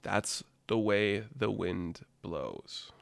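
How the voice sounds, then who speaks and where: A man hosting a casual storytelling podcast, animated and laughing often, with lots of "like". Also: on the low side, extremely slow, vocal fry. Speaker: storyteller host.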